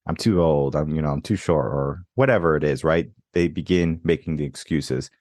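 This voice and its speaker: A young man hosts a coaching podcast in a reflective, storytelling way. His voice sits very low, and the sound is dry and close with no room around it. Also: moderate pace, a little mellow, no room sound. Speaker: podcast host. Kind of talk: casual interview chat.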